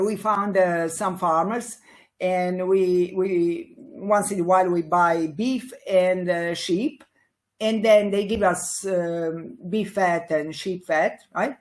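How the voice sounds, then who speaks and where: A woman in her sixties from Italy, speaking as an as an interview guest, animated and laughing often, with many fillers and restarts. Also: fairly low pitch. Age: 60s. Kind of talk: casual interview conversation.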